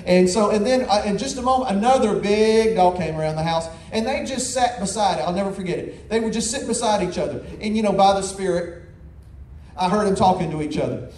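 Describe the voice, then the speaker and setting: High-voiced animated preacher in an echoey hall. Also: male voice, a little fast, slight background noise. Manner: animated storytelling, folksy, repeats words. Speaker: pastor. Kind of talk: sermon. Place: large church hall. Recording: echoey hall, faint ambience.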